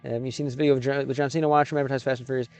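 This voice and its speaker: A man, a native English speaker, live-streaming in a casual chat, sounding out Russian words slowly and thinking aloud as he thanks viewers. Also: medium pitch, flat delivery, darkish tone.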